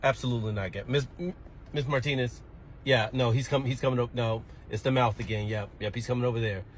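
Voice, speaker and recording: A man's voice: mid-range voice, fairly even intonation, fast, a little hiss or hum. A man, a former pre-K teacher, doing comedic sketch storytelling, often flustered and stammering.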